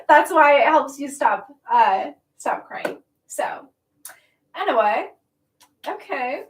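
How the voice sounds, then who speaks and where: Woman livestream host, high voice, chatty and emotional, a little far off the mic. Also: sing-song, takes it slowly, long pauses. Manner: warm, chatty, emotional at times, laughing often. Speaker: livestream host reading chat comments. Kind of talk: casual livestream chat. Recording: roomy echo, mic at a distance.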